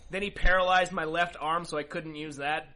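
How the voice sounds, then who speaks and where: A man co-hosting a podcast, excitedly recounting a role-play fight with lots of laughter. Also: a little high, brisk, low-quality recording. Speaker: podcast co-host. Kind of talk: casual storytelling about live-action role-play.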